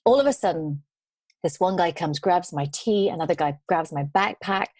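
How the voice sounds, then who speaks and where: A woman guest on an interview show, telling travel stories in a lively way and acting out the people she met. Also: lowish voice, normal speed, dry recording. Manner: animated storyteller, acts out quoted voices. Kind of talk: storytelling interview.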